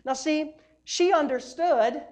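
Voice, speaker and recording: A woman pastor delivers a sermon with a somewhat high voice. She preaches emphatically, pressing her points home with rhetorical questions to the congregation. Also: takes it slowly, a little mellow.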